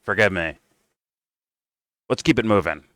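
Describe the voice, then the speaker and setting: A man's voice: sits low, expressive, unhurried, fairly bright tone, no echo, rough recording. Blunt, profane male commentator. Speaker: political commentator. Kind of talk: casual reaction commentary.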